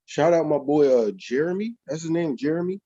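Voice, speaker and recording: A man's voice: a little high, expressive, no room sound, muffled recording. A man in a casual podcast chat, talking in an offhand, slangy way. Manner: slangy, offhand, drawn-out shout-outs.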